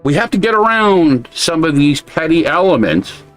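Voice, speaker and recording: A man's voice: a little high, very animated, moderate pace, fairly bright tone, faint music behind. Blunt, foul-mouthed American man podcasting. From United States. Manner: blunt, heavy swearing. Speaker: podcast co-host. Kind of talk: casual podcast commentary.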